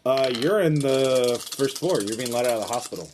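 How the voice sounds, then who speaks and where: Lively male game master. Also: medium pitch, fairly quick, background noise. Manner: lively, laughs often, lots of fillers. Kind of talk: narrating a tabletop game.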